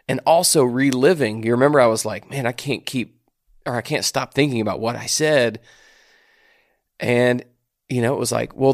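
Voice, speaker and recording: A man's voice: medium pitch, no room sound, studio quality. A man co-hosting a faith-based podcast, talking in a casual, reflective way and often saying "man". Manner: reflective, casual, says "man" and "dude" a lot. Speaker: podcast co-host.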